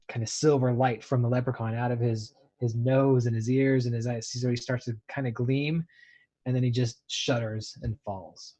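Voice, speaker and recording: A man's voice: mid-range voice, a little mellow. A man playing a tabletop game, describing his character's moves loosely and often laughing. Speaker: player. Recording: muffled lo-fi mic.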